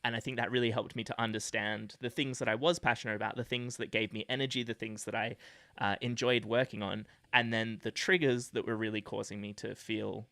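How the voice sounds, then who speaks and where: Gravelly low-voiced man, reflective podcast talk. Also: level tone, a little fast, bright, forceful tone, no room sound. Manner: reflective, hesitant with many fillers. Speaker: podcast co-host. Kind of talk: casual podcast conversation.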